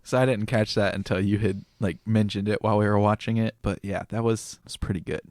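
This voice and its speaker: A young man co-hosting a casual podcast chat, measured and explaining at length. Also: lowish voice, steady tone, darkish tone, dry recording, clean studio sound. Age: young adult. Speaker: podcast co-host.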